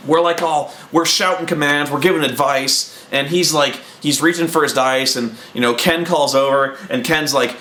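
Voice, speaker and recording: A man's voice: on the high side, normal speed, few pauses, roomy sound. A man casually telling a long, rambling anecdote and acting out the people in it. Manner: rambling, animated, acting out quotes. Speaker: host.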